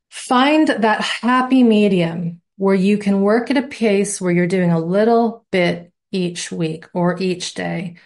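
Woman, course instructor, lowish voice, playful and reassuring, live online class, video call mic. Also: darkish tone.

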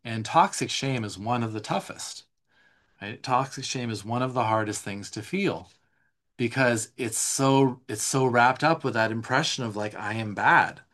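A man leads a live online teaching session in an easy, unscripted way. He talks a worksheet through line by line, with plenty of "like", restarts and self-corrections. His voice sits at an ordinary middle pitch. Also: moderate pace, fairly bright tone. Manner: conversational, loose, with frequent "like" and restarts.

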